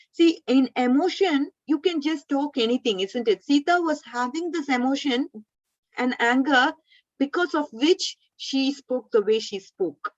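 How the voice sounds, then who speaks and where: A woman's voice: fairly high pitch, no room sound, dull audio. A woman teacher telling a story to children, often stopping to ask the class questions and now and then scolding a student. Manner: asks the class frequent questions.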